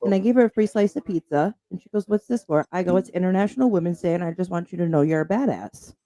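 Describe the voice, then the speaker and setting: Animated, mellow-voiced female co-host. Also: on the low side, quick pace, no room sound. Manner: animated, laughs while telling stories. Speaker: podcast co-host. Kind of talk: casual storytelling chat.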